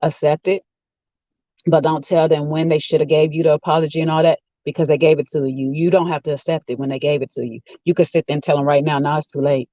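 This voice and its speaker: A man's voice: on the high side, level tone, fast talker, dark tone, dry recording, muffled recording. A man giving a rambling, opinionated casual rant while sitting in a car. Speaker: vlogger. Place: inside a car.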